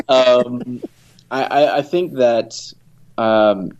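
A man's voice: mid-range voice, drawn-out words, a little mellow. A man answering interview questions in a casual way, hesitant and full of fillers and restarts. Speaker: guest from a game company. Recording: dull lo-fi sound.

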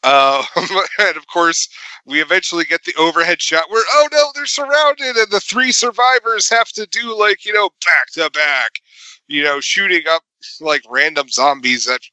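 A man with a slightly high, very bright voice rambles through a movie recap, leaning on fillers and breaking into laughs. The recording is dry and close. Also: normal speed, no room sound, low-quality recording. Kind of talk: casual movie recap chat.

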